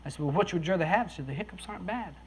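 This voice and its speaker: A storyteller talks in a folksy, easygoing way, often chuckling and acting out the voices of the people in the tale. The voice sits at an ordinary middle pitch. A faint hiss of room ambience runs underneath. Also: very fast. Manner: folksy, chuckles between lines, acts out quoted voices. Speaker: speaker telling a story to listeners. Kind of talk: casual storytelling talk.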